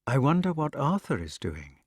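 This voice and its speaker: A man reading an audiobook, voicing a proud, quick-tempered queen in a raised, scolding voice. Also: medium pitch, sing-song, slightly rough, no echo, clean studio sound, pitched above the performer's own voice. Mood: wary. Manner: sharp, scolding, teasing.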